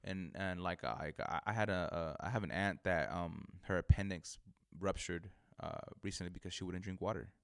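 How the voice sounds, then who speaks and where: Low, forceful young man chatting casually. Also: moderate pace, gravelly, few pauses, clean tone. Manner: rambling, slangy, many restarts and fillers. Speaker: barber, podcast guest. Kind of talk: casual chat.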